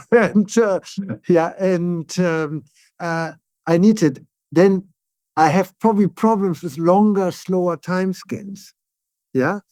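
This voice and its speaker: A neuroscientist guest speaking as an English speaker, explaining ideas in calm conversation and often checking in with "yeah?". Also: male voice, sits high, no echo, studio quality. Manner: tag "yeah?" questions, frequent restarts, calm and deliberate.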